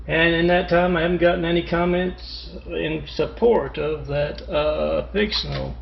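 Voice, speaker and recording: Gravelly man in a rambling monologue. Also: fairly high pitch, steady tone, highs cut off. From Louisiana. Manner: halting, with restarts and repeated self-introductions. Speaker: self-styled parable teller. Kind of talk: rambling monologue with imagined callers.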